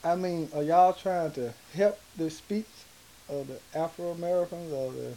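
A man from Atlanta with a Southern accent, telling stories in an interview in a halting, rambling way full of fillers. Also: on the high side, dark tone, rough recording. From Atlanta, Georgia. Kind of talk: casual storytelling in an interview.

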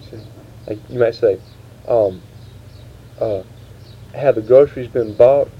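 A man interviewing, asking grammar questions in a halting way, restarting often. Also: medium pitch. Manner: halting, restarts, slow quoted prompts. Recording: dull lo-fi tape with faint hiss.

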